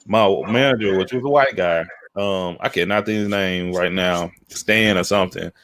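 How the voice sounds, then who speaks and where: A man tells a story in a casual podcast chat. He is animated, keeps checking in with his listener and slips into other people's voices. The mic sound is dry and close. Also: sits low, moderate pace, dry recording. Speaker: podcast co-host.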